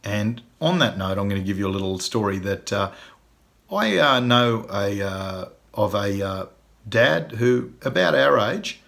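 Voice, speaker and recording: A man's voice: fairly low pitch, expressive, measured pace, gravelly, fairly bright tone. A middle-aged man, giving folksy, earnest advice in a casual video monologue, with frequent ums and uhs.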